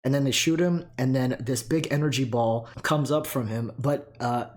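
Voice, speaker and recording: Young man, mid-pitch, tells lore in a loose rambling way, swears a lot, breathless, voice still recovering. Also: normal speed. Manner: rambling, profane, lots of fillers. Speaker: lore explainer. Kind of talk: casual lore rundown.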